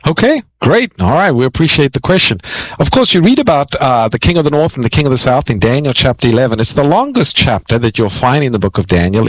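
A man hosting a call-in radio show, explaining Bible prophecy to callers in a measured teaching manner with frequent "uh" fillers. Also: mid-range voice, no echo, low-quality recording. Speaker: radio Bible answer host.

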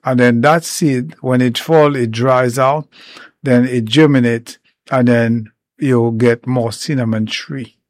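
Man, herbal educator, informal explanatory talk, slow pace, dry sound, pauses between points. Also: mid-range voice, fairly even intonation, darkish tone, dry recording. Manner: unhurried, explains step by step with many pauses.

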